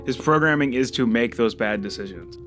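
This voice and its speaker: A man hosting a casual chat reviewing a show, talking in an animated way, swearing freely and jumping up in pitch when moved. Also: a little fast, faint music behind. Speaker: host.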